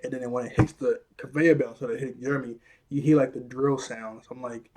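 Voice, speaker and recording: A young man casually recapping a cartoon episode, rambling and laughing often as he acts out the characters' lines in quick voices. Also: mid-range voice, steady tone, darkish tone. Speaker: video reviewer.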